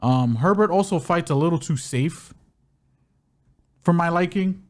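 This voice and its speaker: A man's voice: fairly high pitch, unhurried. A man co-hosting a casual combat-sports betting podcast, loose and hedging with frequent "you know". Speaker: podcast co-host, betting analyst.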